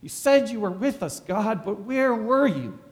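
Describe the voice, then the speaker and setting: High, lively preaching man. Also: a little slow, big-room sound. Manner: dramatic preaching with rhetorical questions. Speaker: pastor. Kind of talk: sermon.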